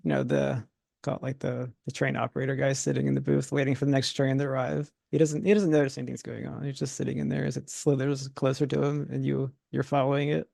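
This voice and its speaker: A man runs a tabletop horror game as its game master, his voice heavily gravelly and mellow. He narrates in a relaxed way, chuckling between descriptions. The sound is dry and close. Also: mid-range voice, quick pace, no echo.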